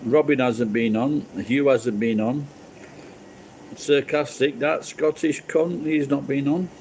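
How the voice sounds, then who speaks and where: A man's voice: mid-range voice, fairly even intonation, takes it slowly, a little mellow, a little hiss or hum, poor audio. A British man hosting a live stream, chatting casually with viewers, rambling and swearing freely. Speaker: livestream host chatting with viewers.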